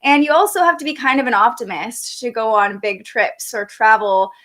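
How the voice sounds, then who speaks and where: A young woman hosts a live astrology forecast, her voice sitting a little high. She talks in a bright, chatty, upbeat way, greeting viewers and reading out their comments. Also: moderate pace. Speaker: astrology show host.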